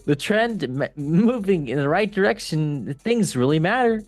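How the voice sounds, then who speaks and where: A man doing a smug, middle-aged American club owner spinning his own record. The voice sits far above his usual register and pushes out loud and bright, each word drawn out in a salesman's drawl. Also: a little high, animated, measured pace, dry recording, faint music behind, pitched above the performer's own voice. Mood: upbeat spin.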